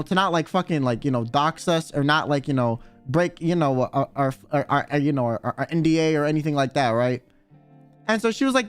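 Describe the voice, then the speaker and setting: A young man streaming, telling a funny story in casual chat, excitable and swearing a lot as he acts out what people said. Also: sits high. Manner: excitable, swears a lot, quick quoted voices.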